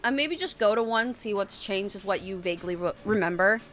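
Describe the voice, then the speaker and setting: A woman's voice: mid-range voice, expressive, a little fast, fairly bright tone, slight background noise. A woman in her late twenties rambling casually on a live stream, reading out chat messages and answering them. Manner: rambling, chatty, reads chat aloud.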